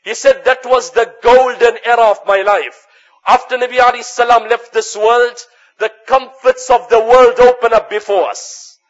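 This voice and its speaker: Male preacher, high voice, earnest storytelling sermon, muffled lo-fi recording. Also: steady tone, moderate pace. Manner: earnest preaching, often quotes Arabic narrations. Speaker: Islamic preacher. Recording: dull lo-fi recording.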